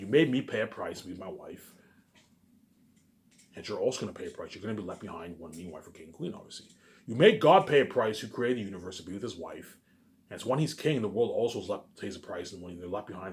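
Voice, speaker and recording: A vlogger with a low, expressive voice speaks quickly to camera in a rambling, repetitive monologue. It turns into a heated rant full of swearing, and he keeps saying "obviously."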